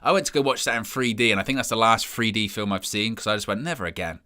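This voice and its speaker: This young man talks fast in a lowish, bright and forceful voice while hosting a live football watch-along. He rambles glumly about his side's play, sounding dejected and mocking himself along the way.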